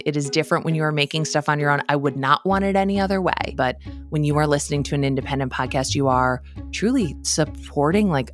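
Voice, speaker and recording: A woman with a Midwestern American accent hosting a solo podcast from her home office, chatting in a casual, self-deprecating way and laughing often. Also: low-pitched. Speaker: podcast host.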